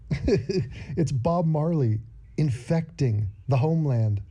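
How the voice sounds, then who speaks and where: Host man, dark mellow voice, sarcastic jokey commentary, dull lo-fi sound. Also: fairly high pitch, animated, normal speed. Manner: mocking, jokey asides. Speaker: host reacting to clips.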